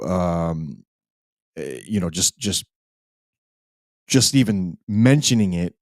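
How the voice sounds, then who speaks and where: A man's voice: deep voice, darkish tone, dry recording. A man hosting a live podcast, rambling and emphatic, with frequent restarts. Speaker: podcast host.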